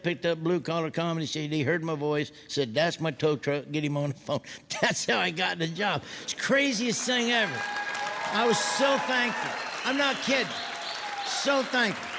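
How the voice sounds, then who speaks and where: A man doing stand-up comedy, telling folksy stories loudly and mimicking other people's voices. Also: a little high. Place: stage before a live audience. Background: audience laughter.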